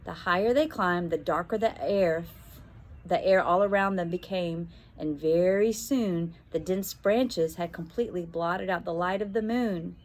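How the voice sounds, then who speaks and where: A woman who teaches, reading a children's adventure story aloud in an expressive way and raising her voice for the children's shouted lines. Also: on the low side, measured pace.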